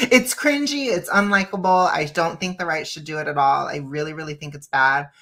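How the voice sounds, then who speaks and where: A woman's voice: low voice, moderate pace, pushed and bright. A woman hosting a casual reaction stream over a video call, blunt and opinionated, often breaking into laughs. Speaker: stream host.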